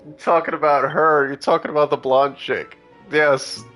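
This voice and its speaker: A man's voice: on the high side, little pitch movement, moderate pace, fairly bright tone, faint music behind. Giggly tipsy man streaming a game. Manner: giggly, laughs often and mimics lines. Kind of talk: casual live game-stream chatter.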